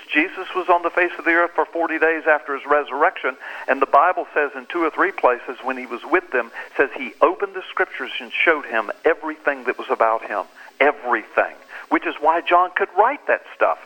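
A man's voice: a little high, lively intonation, moderate pace, sharp tone, low-quality recording. A man speaking as an author and pastor guest in an interview, explaining scripture in an earnest, emphatic, preacherly way. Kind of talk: animated interview talk.

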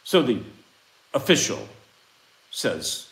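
A man preaches a fiery sermon and reads from scripture. He drops to hushed asides, then rises into loud, impassioned outbursts. His pitch swings widely, and the room carries a clear echo. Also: very animated, moderate pace. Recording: echoey room.

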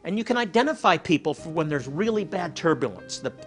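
A man preaching a sermon, telling stories and dropping to a soft hush for emphasis. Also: a little high, sing-song, a little fast. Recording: faint music behind.

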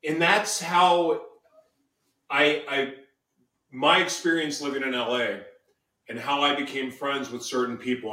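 A man hosts an interview, effusive and rambling and often restarting his sentences. His voice sits a little high. He sounds set back from the mic in an echoey room. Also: a bit bright, recorded from a distance. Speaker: interview host.

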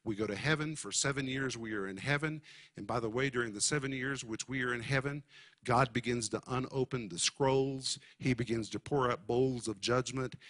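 Bright-voiced man teaching a sermon. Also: medium pitch. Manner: emphatic, explains Greek words slowly. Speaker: Bible teacher.

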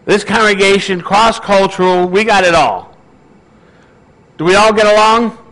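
A man with a high-pitched voice delivers a sermon to his congregation. He talks in an easy, conversational way and keeps checking in with the room by asking questions. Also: measured pace, fairly bright tone, low-quality recording. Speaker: pastor.

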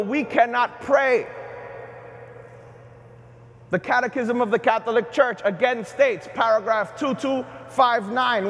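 A middle-aged man, a bishop, preaching a sermon at Mass with animated delivery and questions to the congregation. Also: very high-pitched. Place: large cathedral. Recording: long cathedral reverb.

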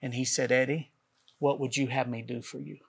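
A man tells the story of his own experience as a talk show guest. His telling is earnest, and he acts out the conversations he recounts. His voice sits at an ordinary middle pitch. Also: little pitch movement, a little fast, gravelly, husky. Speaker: guest author. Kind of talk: personal testimony on a talk show.

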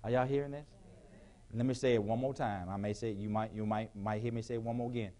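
A male pastor preaching a sermon in a church, with call-and-response questions to the congregation, sometimes rising to shouts. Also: on the low side, steady tone, fast. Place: church sanctuary.

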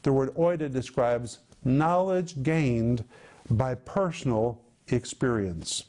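A middle-aged man giving a sermon-style Bible teaching, explaining Greek words and slowing down to stress key words. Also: medium pitch, warm tone.

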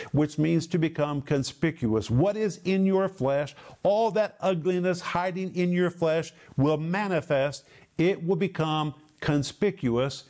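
A man's voice: a little high, darkish tone. Emphatic male Bible teacher. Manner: explains Greek word meanings emphatically, with slow stressed phrases.

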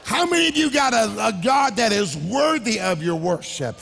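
A man preaching a sermon, shouting and sing-songing his lines and calling out to the congregation. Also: high voice, animated, moderate pace, vocal fry, in a large hall, faint music behind. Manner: shouting, sing-song preaching with crowd call-outs. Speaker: pastor. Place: church sanctuary.

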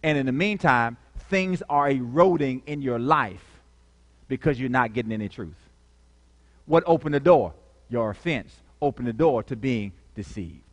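A man preaching a lively sermon, calling out to the congregation with dramatic swings in volume. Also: mid-range voice, normal speed, in a large hall. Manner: animated, call-and-response, dramatic shifts in volume.

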